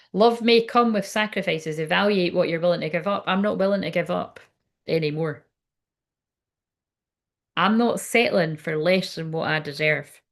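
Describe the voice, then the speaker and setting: Woman, lowish voice, card reader, chatty, rambling, sweary. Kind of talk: casual livestreamed card reading.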